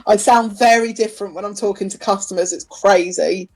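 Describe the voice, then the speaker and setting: A woman's voice: mid-range voice, steady tone, fairly quick, darkish tone. A young woman chatting casually on a live stream as co-host, laughing often and swearing now and then. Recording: faint music behind.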